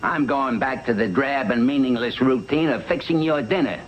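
An actor playing an older uncle who cooks for the family, trading wry, grumbling one-liners in a 1960s sitcom. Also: male voice, mid-range voice, moderate pace, muffled recording, close to an everyday voice. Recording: noisy old TV soundtrack.

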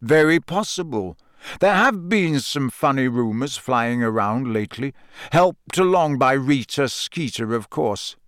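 Man doing a gruff scarred old wizard, growling, slow deliberate lines, dry close sound. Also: mid-range voice, lively intonation, fairly bright tone, dry recording. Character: gruff battle-scarred older male wizard, blunt and watchful.

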